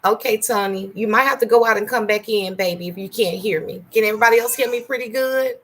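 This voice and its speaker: A middle-aged woman hosting a casual livestream from home, greeting viewers by name and speaking candidly, softer and slower on painful memories. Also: mid-range voice. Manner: greets and thanks viewers by name between stories. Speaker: livestream host. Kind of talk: casual live-stream chat.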